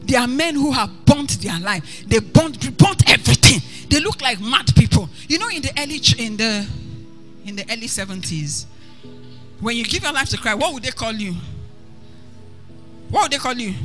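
A woman pastor preaching passionately and building to shouted emphasis, with faint music behind her. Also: on the high side, expressive, normal speed. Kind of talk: sermon.

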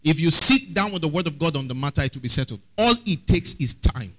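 A man's voice: a little high, animated, fairly quick, fairly bright tone, poor audio. A man preaching a sermon as pastor, often asking the congregation questions.

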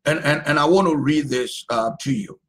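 A man's voice: on the high side, normal speed, a bit bright. A male pastor preaching a sermon, drawing out phrases and repeating them for emphasis.

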